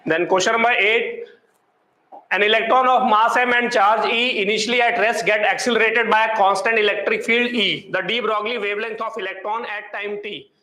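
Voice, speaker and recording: Very high-voiced, bright male teacher. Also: fairly even intonation, normal speed, echoey room, rough recording. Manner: quizzes students with constant rhetorical questions. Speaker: physics teacher. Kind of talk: classroom problem-solving lecture. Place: classroom.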